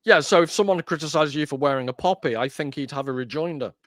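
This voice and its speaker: A man's voice: a little high, fast, fairly bright tone, no room sound, clean studio sound. A man hosting a podcast, chatting casually in a wry, joking, rambling way. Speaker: podcast host. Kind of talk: casual conversation.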